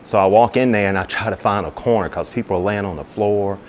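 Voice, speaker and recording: A man, a fire captain, telling a long personal story in an interview, acting out both sides of the conversations in a relaxed, chatty way. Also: on the low side, quick pace, slight background noise. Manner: relaxed, conversational, with many "you know" asides. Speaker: fire captain and business owner.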